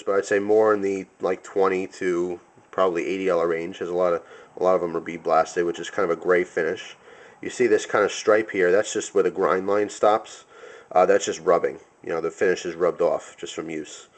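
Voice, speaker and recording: A young man giving a casual knife review, rambling with many fillers and self-corrections. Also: low-pitched.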